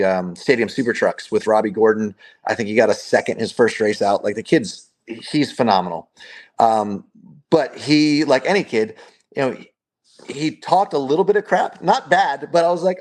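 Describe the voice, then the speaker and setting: Guy telling stories on an interview, mid pitch, laid back, lots of "you know" and little laughs. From United States. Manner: relaxed storytelling, chuckles often, many fillers. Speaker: guest. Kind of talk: casual interview conversation.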